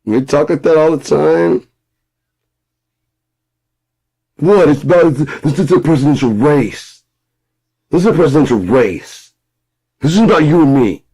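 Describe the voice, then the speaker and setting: A man mocking a blustering, boastful older politician with a profane, shouting delivery. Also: a little high, animated, moderate pace, husky, voice pushed up, rough recording.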